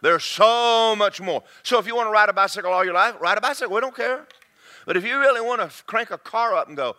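A man preaching a sermon to a congregation, swinging between loud shouts and quiet, confiding asides. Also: high voice, quick pace.

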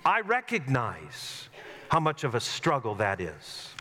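A man's voice: medium pitch, huge pitch swings, slow pace, sharp tone, slight background noise. A middle-aged man, a pastor, preaching a sermon in a church sanctuary, telling stories in an earnest way with self-mocking humor. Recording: long hall reverb.

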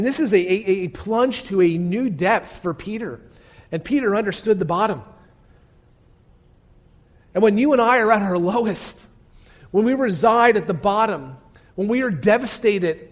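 High-voiced preacher telling a story. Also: male voice. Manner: dramatic storytelling, dropping to hushed tones; asks the listeners direct questions. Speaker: pastor. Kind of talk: sermon.

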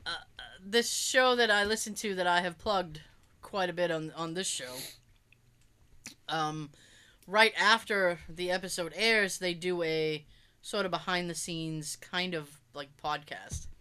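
A chatty woman co-hosting a casual podcast, telling stories from her week. Her voice is bright and forward. She coughs now and then. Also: on the low side, a little slow, clean tone. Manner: chatty storyteller, acts out quoted voices. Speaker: podcast co-host. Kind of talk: casual chat.

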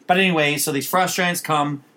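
A man's voice: on the high side, fairly even intonation, brisk, pushed and bright. A man hosting a casual podcast chat, recapping a film in a rambling way with many restarts.

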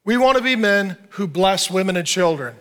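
A middle-aged man preaching a sermon in an animated, joking way. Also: high-pitched, normal speed. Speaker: pastor.

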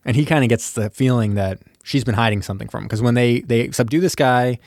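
A man recapping a movie in a relaxed back-and-forth chat, animated and quick to act out the characters' lines. His voice sits at a middling pitch and sounds close and dry, with no room around it. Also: no echo.

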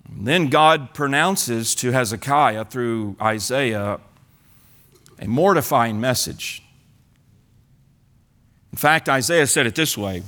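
A male pastor preaching a sermon, retelling the story in an animated way with many repeats and restarts. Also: medium pitch, slow, pauses often.

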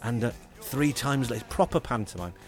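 A man, co-hosting a comedy podcast and telling a rambling, animated story. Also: mid-range voice, normal speed. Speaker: podcast co-host. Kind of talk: casual comedy chat.

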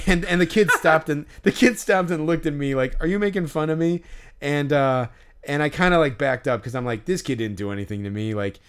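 A man's voice: on the high side, animated, a little fast, a bit bright, clean tone. A man co-hosting a podcast, telling a story in a loose, rambling way with lots of fillers and restarts and casual swearing. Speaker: podcast co-host. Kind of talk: casual chat.

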